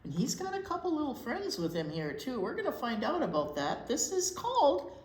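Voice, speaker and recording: A woman with a fairly high voice co-hosts a children's storytime, chiming in playfully. Her pitch swings widely as she talks, and her voice bounces around an echoey room. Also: huge pitch swings, brisk. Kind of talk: storytime banter with a co-host.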